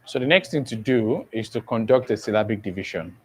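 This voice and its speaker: A man's voice: on the low side, expressive, slightly rough, poor audio. A man teaching an exam-prep lesson. He spells words out letter by letter and keeps asking whether the class understands. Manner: slow and deliberate, spells words letter by letter and often checks understanding. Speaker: English teacher.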